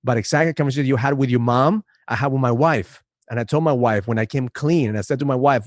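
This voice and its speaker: Animated male podcast host, dry sound. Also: medium pitch, quick pace, few pauses, no echo. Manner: animated, swears casually. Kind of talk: casual interview chat.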